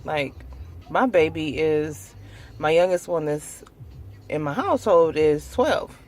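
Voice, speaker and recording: A woman in her thirties talking slowly in a personal vlog, hesitant, with many pauses. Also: low-pitched, animated, a little mellow. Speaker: vlogger.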